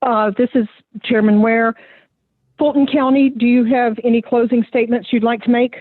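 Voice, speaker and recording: A woman's voice: fairly high pitch, flat delivery, moderate pace, no echo. A woman chairing a public hearing in a formal, procedural way. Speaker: board chair. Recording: tinny phone line.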